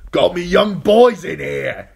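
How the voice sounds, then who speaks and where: A man voicing a gruff, stubborn old man with clipped, folksy speech. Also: medium pitch, expressive, slow pace, voice pushed up, full character voice. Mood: defiant.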